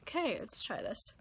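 A woman's voice: bright, forceful tone, slight background noise. A woman vlogger chatting casually to her camera between song covers, self-conscious and laughing at herself.

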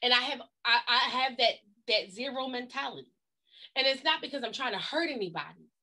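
Woman, high voice, bright, emphatic livestream preaching, folksy, blunt. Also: animated, fairly quick. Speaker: co-pastor. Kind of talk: preaching-style talk on a livestream.

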